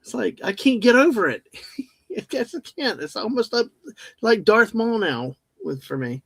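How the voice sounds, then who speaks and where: A jokey man co-hosting a livestream from home, rambling along and reading chat aloud. His voice sits a little high for a man, and the sound is dry and close, with no room around it. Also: big pitch swings, normal speed, creaky, fairly bright tone, husky, no room sound. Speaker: livestream co-host.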